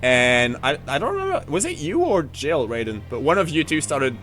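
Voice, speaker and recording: A man with a French accent, a French native speaker, chatting casually on a live game stream in a rambling, excitable way with lots of fillers. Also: a little high, normal speed, faint music behind.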